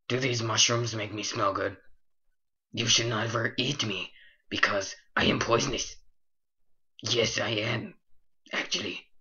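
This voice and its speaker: A man's voice: fairly low pitch, pushed and bright. A man doing a smug mooshroom cow. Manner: smug, then pleading. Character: boastful poisonous mooshroom cow, needy. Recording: lo-fi dull recording.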